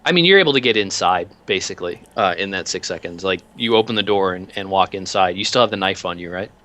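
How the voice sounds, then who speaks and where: Bright-voiced man running a tabletop game. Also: deep voice, fast talker. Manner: animated, rambling, many fillers. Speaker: game master.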